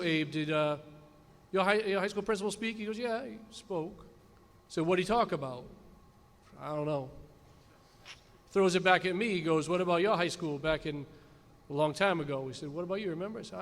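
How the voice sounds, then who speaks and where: A man in his fifties, a high school principal, telling a folksy story in a graduation speech from a podium. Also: a bit bright. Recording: long hall reverb at a ceremony.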